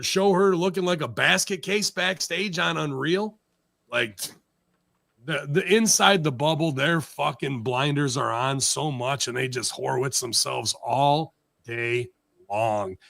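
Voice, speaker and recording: A man's voice: medium pitch, gravelly, sharp tone, no room sound, studio quality. A man hosting a talk show, ranting sarcastically with lots of profanity in casual heated chat. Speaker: podcast host.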